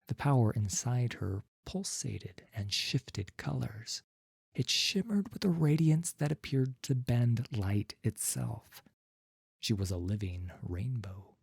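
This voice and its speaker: A man narrating a fantasy story in a slow, measured storytelling manner. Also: medium pitch, creaky, mellow, slightly rough, no room sound, studio quality. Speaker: audiobook narrator. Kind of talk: scripted narration.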